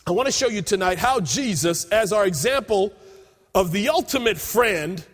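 A man preaching a sermon, telling a scripture story with emphatic, drawn-out quotes. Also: sits high, animated, breathy edge. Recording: long reverb in a large hall.

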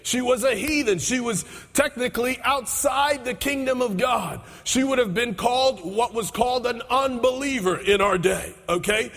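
A man preaching a sermon as pastor, repeating his phrases and building up to shouts. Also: extremely high pitch, moderate pace, hardly any pauses. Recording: echoey hall with long reverb.

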